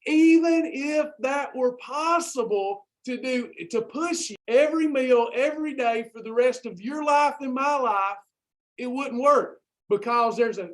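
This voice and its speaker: A man hosting a Christian weight loss livestream, fired up and preachy, repeating his phrases. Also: extremely high pitch. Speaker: host of a weight loss program. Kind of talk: Christian motivational livestream talk.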